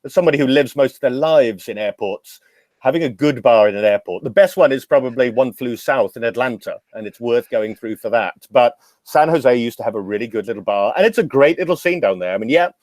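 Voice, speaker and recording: A man's voice: mid-range voice, expressive, brisk, darkish tone, dry recording. Dry-voiced man telling wry anecdotes. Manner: expansive, anecdotal, wry humor. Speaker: podcast guest, drinks educator. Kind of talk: casual storytelling interview.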